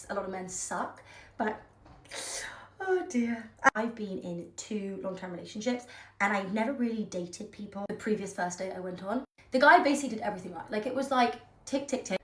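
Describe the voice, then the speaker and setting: A young woman talks candidly through her makeup, chatty and self-mocking. Her voice sits at an ordinary pitch and sounds a little distant from the phone, with the echo of a bare room around her. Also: a bit bright. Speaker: vlogger. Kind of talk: casual get-ready-with-me chat.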